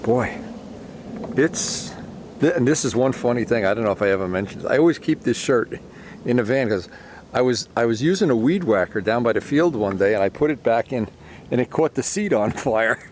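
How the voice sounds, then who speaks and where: A man talks casually to the camera in a middle-pitched voice. He rambles and grows sentimental, leaving many sentences unfinished. A faint hum of background noise sits under his voice. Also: lively intonation, a little fast, darkish tone. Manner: rambling, sentimental, often trails off mid-sentence. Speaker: vlogger.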